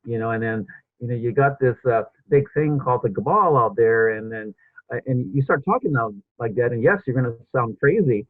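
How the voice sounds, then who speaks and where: In a casual interview chat, this podcast host rambles, restarting often and leaning on fillers. His husky mid-range voice is brisk and dry, heard over a thin, phone-like connection.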